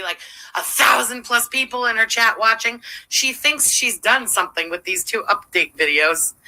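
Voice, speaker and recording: A woman's voice: mid-range voice, sharp tone, poor audio. A woman hosting a livestream, giving profane, sarcastic running commentary while thanking viewers. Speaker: livestream host.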